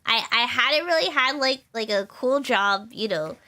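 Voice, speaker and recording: A young woman streamer chats casually about her life, rambling through stories with plenty of fillers and giggles. Her voice sits high and bright, and her pitch bounces up and down animatedly. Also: lively intonation, a little slow. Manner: rambling and chatty, with frequent fillers and laughs. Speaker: VTuber streamer.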